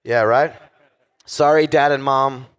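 A man telling stories on stage with animated delivery, swearing constantly and acting out other voices. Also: medium pitch, slow pace, clear, resonant tone, dry recording. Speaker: guest musician telling stories. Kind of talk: casual storytelling on stage. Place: live show before an audience.

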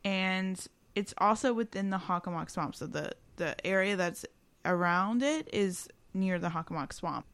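Chatty woman hosting a podcast from home, middle-pitched, dry close sound, laughs a lot. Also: dry recording. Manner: chatty, laughs often, trails off. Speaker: podcast co-host. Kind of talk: casual storytelling chat. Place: home room with windows open.

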